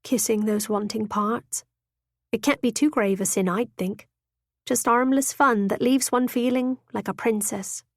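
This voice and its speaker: A woman voicing a frank, tender young working woman who speaks in a sleepy, husky, breathy voice. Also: on the high side, unhurried, dry recording, clean studio sound.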